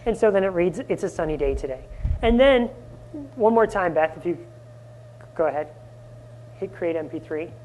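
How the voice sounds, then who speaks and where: A man presenting a live conference workshop, energetic and often asking the audience questions. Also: high voice, normal speed, pauses often, slight background noise. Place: conference room.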